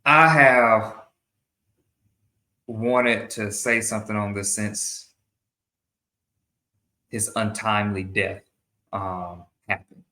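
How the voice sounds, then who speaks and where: Male host, earnest commentary monologue; talks slowly and repeats himself, bright edge to the voice. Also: on the low side, fairly even intonation, roomy sound. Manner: earnest, repeats and restarts phrases. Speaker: show host.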